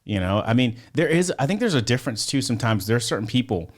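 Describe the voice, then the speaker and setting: A man's voice: medium pitch, big pitch swings, fast. A man, a podcast guest, telling a story in a casual, rambling way, full of fillers, restarts and swearing.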